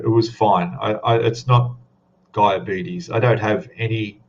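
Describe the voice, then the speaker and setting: A man chats loosely through a hobby live stream, rambling and calling out to viewers as they arrive. His voice sits a little low, and the stream audio is slightly dull and lo-fi. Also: a little hiss or hum. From Australia. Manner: chatty, rambling, greets chat viewers by name. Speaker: livestream host. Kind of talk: casual live-stream chat.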